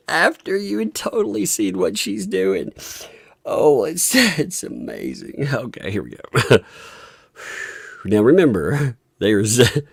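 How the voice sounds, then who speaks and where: A woman's voice: sits low, very animated, takes it slowly, vocal fry, pauses often, a little mellow, slightly rough, dry recording, clean studio sound. A woman giving casual live reaction commentary on a court video, often breaking into fits of laughter. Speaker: livestream commentator.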